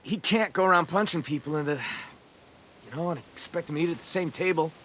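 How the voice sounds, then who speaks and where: A man's voice: fairly high pitch, fast, a bit bright, a little hiss or hum, close to an everyday voice. A man playing a confident teen leader. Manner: easygoing, welcoming. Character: teenage boy school leader, confident and guarded. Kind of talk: video game voice acting.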